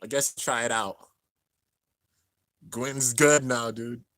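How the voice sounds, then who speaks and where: A young man narrating an anime finale as he watches it live, excited and emotional. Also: mid-range voice, slow pace. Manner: excited, narrating on-screen action, drops to near-tears murmurs. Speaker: anime reaction host. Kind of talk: live reaction commentary.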